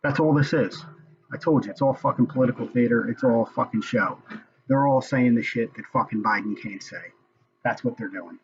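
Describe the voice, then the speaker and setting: In a lo-fi recording of casual commentary, a man with a mid-range voice, speaking at a moderate pace, angrily vents about a hearing he's watching. This political commentator is profane, cursing frequently as he rants.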